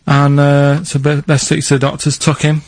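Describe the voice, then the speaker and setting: A man on a comedy radio show, telling a story in a plain, halting way with many pauses and fillers. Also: on the high side, completely flat delivery, no room sound. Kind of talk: casual radio chat.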